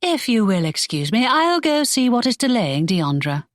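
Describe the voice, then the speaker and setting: A woman's voice: fairly high pitch, sing-song, normal speed, dry recording, voice pushed up. Give me a woman playing a spirited, indignant young woman in an audiobook, in a dry close recording. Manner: exasperated, protesting. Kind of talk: audiobook character voice.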